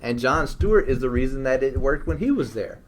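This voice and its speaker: A man's voice: medium pitch, animated, fairly quick. A man co-hosting a casual commentary chat, blunt and opinionated, now and then acting out quotes. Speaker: co-host.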